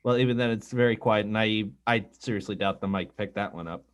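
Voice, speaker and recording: A man's voice: fairly low pitch, a little fast, clear, resonant tone. A man hosting a casual podcast chat, self-deprecating and rambling, often restarting his sentences. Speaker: podcast host.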